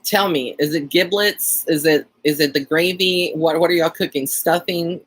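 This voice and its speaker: A man's voice: on the high side, fairly even intonation, normal speed, fairly bright tone. A man with a Texan accent hosting a casual live-stream chat, rambling along with plenty of fillers and easy laughs. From Texas. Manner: chatty and rambling, frequent fillers and light laughter.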